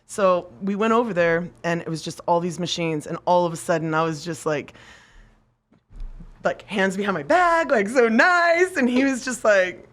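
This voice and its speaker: Animated woman telling a story, lower voice. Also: normal speed. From United States. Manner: animated storyteller, acts out quotes, swears, laughs often. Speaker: podcast guest, machinist. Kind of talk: casual storytelling interview.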